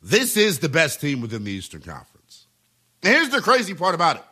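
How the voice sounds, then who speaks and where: A male sports radio host with a high, bright voice that rides up and down as he hammers his points home. He repeats phrases for emphasis in a punchy talk-radio monologue. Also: fairly quick, husky. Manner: emphatic, repetitive, animated delivery.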